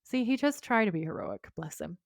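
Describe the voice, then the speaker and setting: A woman's voice: medium pitch, expressive, brisk, dry recording, clean studio sound. A woman co-hosting a podcast, chatting casually as she recaps episode scenes, reads dialogue aloud and giggles often. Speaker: podcast co-host.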